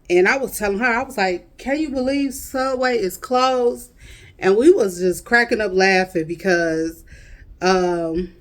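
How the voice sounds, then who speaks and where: A woman with a Chicago accent chatting casually with her viewers, drawling her words in a friendly, talkative way. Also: mid-range voice. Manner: drawling, chatty, addresses viewers as y'all and honey. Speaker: vlogger.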